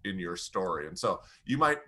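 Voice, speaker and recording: Male coach guest, bright and forceful, animated teaching style. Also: low voice, moderate pace, slightly rough. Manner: demonstrates pace and volume changes, animated. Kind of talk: energetic coaching talk.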